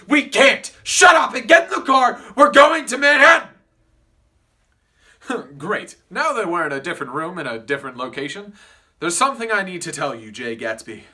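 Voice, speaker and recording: A man voicing an arrogant, hot-tempered rich young husband in a student comedy play, loud and blustering. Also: sits high, recorded from a distance, full character voice. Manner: loud, blustering, shouting outbursts.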